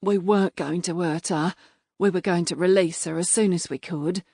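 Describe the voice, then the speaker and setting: A woman's voice: on the low side, steady tone, moderate pace, dark tone, husky, no room sound, clean studio sound. A woman voicing a defiant, protective farmer's wife who speaks firmly. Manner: firm, defiant.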